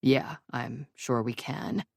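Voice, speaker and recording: A woman voicing a rough, sheepish young male hockey player who is hungover, his voice low and rasping in an audiobook. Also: fairly even intonation, takes it slowly, a little mellow, no echo, clean studio sound, exaggerated voice. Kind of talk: audiobook character reading.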